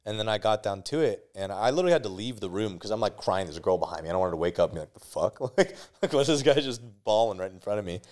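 A man's voice: on the low side, lively intonation, racing, few pauses, darkish tone. A young man, a podcast guest, telling a candid personal story in casual talk, swearing freely and restarting his sentences.

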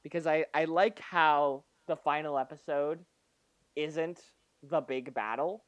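A man co-hosting a podcast, recapping episodes in casual review chat with animated energy and lots of fillers. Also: fairly high pitch, a little slow, no echo, lo-fi sound. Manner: animated recapping, often laughing, many fillers. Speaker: podcast co-host.

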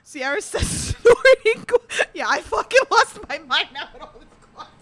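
A woman's voice: extremely high pitch, sing-song, normal speed, fairly bright tone. A woman hosting a casual podcast chat, laughing to tears and reading chat comments aloud. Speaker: podcast host.

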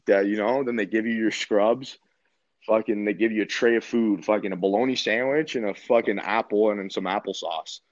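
A man's voice: fairly low pitch, a little fast, no echo. A man in his twenties from Canada, telling a story in a laid-back way, full of swearing and filler words. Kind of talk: casual storytelling. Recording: dull, slightly muffled dry recording.

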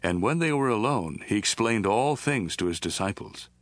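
Low-voiced man reading scripture. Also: animated, moderate pace, no echo. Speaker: scripture reader.

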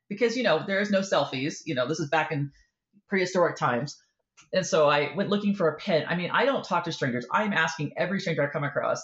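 A woman author in a casual interview, telling a lively story and acting out the voices in it. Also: on the low side, fast, echoey room, lo-fi sound. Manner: animated storyteller, acts out quoted voices. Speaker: author guest.

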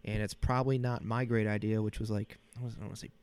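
A man's voice: lowish voice, little pitch movement, quick pace, darkish tone, smooth. A man in his thirties hosting a casual solo podcast from a small cold home office, joking, self-deprecating and rambling, with a slight sniffle. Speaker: podcast host.

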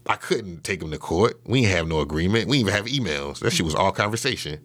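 A man's voice: low-pitched, expressive, fast, a bit bright. A man being interviewed, telling a story in a loose, casual way with lots of fillers and swearing. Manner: loose and profane, with many fillers and restarts. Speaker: interview guest.

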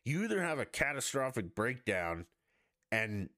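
A man's voice: medium pitch, sing-song, unhurried, bright, forceful tone, no room sound, studio quality. A man hosting a podcast, ranting in a blunt, profane and mocking way in a casual monologue. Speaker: podcast host.

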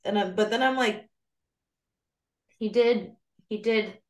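A woman's voice: fairly high pitch, takes it slowly, darkish tone, reverberant. A woman co-hosting a podcast, chatting in a gushing, giggly way. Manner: giggly, gushing, breaks into impressions. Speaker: podcast co-host. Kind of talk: casual chat.

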